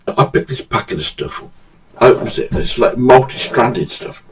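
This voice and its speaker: A man's voice: medium pitch, lively intonation, moderate pace, slightly rough, low-quality recording. An older man from England, telling funny true anecdotes in a chatty, casual way and laughing at his own stories. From England, Badsey. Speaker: storyteller.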